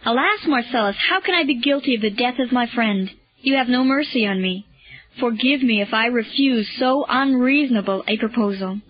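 A woman's voice: a little high, moderate pace, close to an everyday voice. A woman voicing an agitated, anguished man. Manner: agitated, emphatic. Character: anguished grown man refusing a friend. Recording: dull lo-fi recording.

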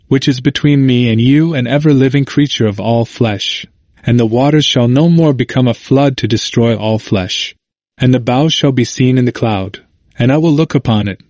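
A man reading scripture and a Bible commentary aloud, with slow, deliberate phrasing broken into short clauses. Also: medium pitch, a little mellow, no echo, studio quality.

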